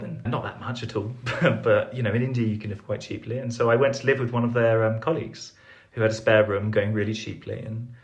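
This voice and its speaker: A man's voice: lowish voice, a bit bright. A young man telling a rambling, self-deprecating story as a podcast guest, full of fillers and restarts. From England. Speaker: podcast guest, foreign correspondent. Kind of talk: casual storytelling interview.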